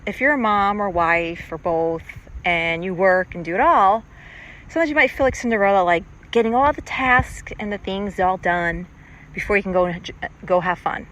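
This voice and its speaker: A middle-aged podcast host with a medium-pitched, fairly bright voice gives a casual monologue from a paddleboard on a lake, speaking at a moderate pace. Her talk is rambling, chatty and self-reflective, and the low-quality outdoor recording picks up passing boats.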